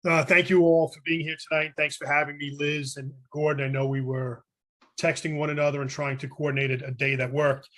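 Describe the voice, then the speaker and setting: A man's voice: on the high side, little pitch movement, a little fast, a bit bright. A man with a Brooklyn accent giving an earnest, rambling personal share at a recovery meeting over a video call from a hotel room, often restarting his sentences. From New York City.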